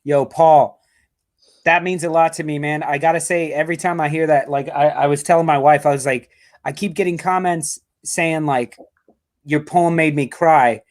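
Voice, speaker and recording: A man's voice: fairly high pitch, steady tone, moderate pace. A man hosting a live fan show over a video call, rambling and joking, and he talks nonstop. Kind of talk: casual live-stream chat.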